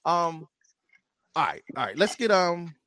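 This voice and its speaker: A man from Philadelphia hosting a podcast, bantering in a playful, teasing way and breaking into loud, excited outbursts. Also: a little high, unhurried, a little hiss or hum. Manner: animated, rising to loud exclamations. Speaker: podcast host. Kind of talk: casual podcast chat.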